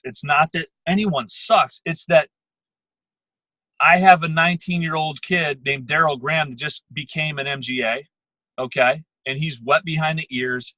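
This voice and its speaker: Man, motivational team talk, emphatic and repetitive, bright sharp tone, slightly husky. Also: a little high, no room sound, poor audio. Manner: fast, emphatic, repeats words, coaching tone. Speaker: sales manager giving a team call. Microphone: phone or computer call.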